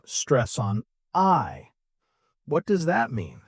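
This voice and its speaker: Slow, lively-voiced male English teacher. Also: mid-range voice, dry recording, clean studio sound. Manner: slow, clear, demonstrates intonation by example. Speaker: English teacher, podcast co-host. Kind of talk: scripted English lesson.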